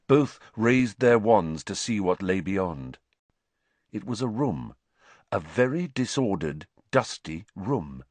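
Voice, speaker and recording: A man with a low voice narrates a story with dramatic, expressive delivery, his pitch rising and falling widely. He is recorded close on a studio mic in a dry, dead room. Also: slightly rough, no room sound. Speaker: audiobook narrator. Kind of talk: scripted narration.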